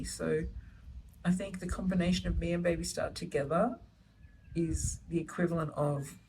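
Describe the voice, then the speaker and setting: A woman's voice: lowish voice, darkish tone, recorded from a distance, slight background noise, poor audio. A middle-aged woman chatting to camera about her children in a gushing, chatty way, recorded at home. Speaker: vlogger, solo mother. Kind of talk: casual chat to camera. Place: home, indoors, baby asleep nearby.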